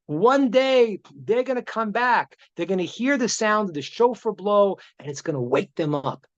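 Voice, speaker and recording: A rabbi speaking live over a dull video call. He talks and tells stories in an animated way, repeating himself and stammering as he restarts his sentences. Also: high-pitched, moderate pace. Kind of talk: live online talk, storytelling.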